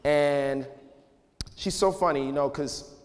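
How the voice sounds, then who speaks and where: A man in his thirties speaking casually to an audience, relaxed and conversational with many fillers. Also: on the high side, takes it slowly. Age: 30s. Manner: relaxed and conversational, full of "you know" and "like", laughs often. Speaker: speaker giving a talk to students. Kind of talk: casual, candid talk to an audience. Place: large hall. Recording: long hall reverb.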